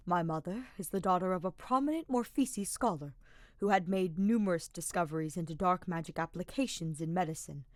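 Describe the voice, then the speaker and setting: A woman's voice: fairly low pitch, no room sound, natural voice. A woman reading a fan-fiction audiobook, voicing a sardonic young male mage who explains in a dry, formal way.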